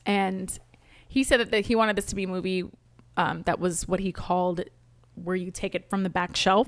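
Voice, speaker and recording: A woman's voice: medium pitch, dry recording. A young woman co-hosting a casual podcast chat, laid-back and hedging as she explains things. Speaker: podcast co-host.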